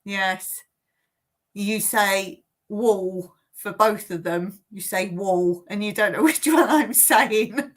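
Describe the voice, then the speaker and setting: Woman, livestream host, unhurried, giggly chat from home. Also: mid-range voice. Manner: giggly, chatty, often laughing at herself. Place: home in rural Cyprus.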